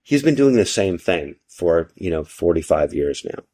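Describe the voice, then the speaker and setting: A man's voice: deep voice, very animated, moderate pace, warm tone. A male podcast host in casual chat, rambling, swearing a lot and often tagging his lines with "right?".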